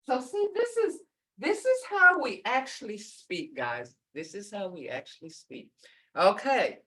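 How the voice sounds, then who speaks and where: A woman's voice: medium pitch, fairly bright tone, low-quality recording. An older woman teaching a beginner language class over a video call, patiently repeating words to model their tones.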